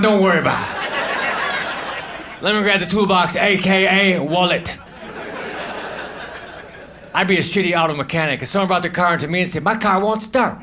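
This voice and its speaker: A male stand-up comedian delivering one-liners on stage in a halting, deadpan way with self-deprecating asides. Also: high-pitched. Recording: noisy live show recording.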